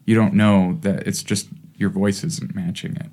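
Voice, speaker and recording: A man's voice: low-pitched, normal speed. A man talking comedy in a casual chat, laughing through his points. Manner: lively, laughs while talking.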